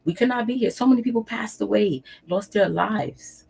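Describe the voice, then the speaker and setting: A woman's voice: medium pitch, normal speed, creaky, darkish tone, husky, rough recording. A woman reading tarot on her channel, giving emphatic, preachy spiritual advice straight to camera, repeating phrases for weight and swearing casually. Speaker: tarot reader and channel host.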